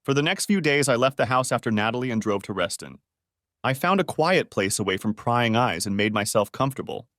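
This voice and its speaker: A man reading a first-person story aloud in a calm, cold, matter-of-fact way. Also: medium pitch, fairly quick, no echo, clean studio sound. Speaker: story narrator.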